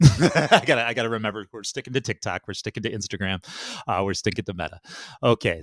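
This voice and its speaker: A man's voice: lowish voice, fairly bright tone, dry recording. A man commenting casually while reading through a web page, rambling, swearing and correcting himself as he goes. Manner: rambling, profane, self-correcting.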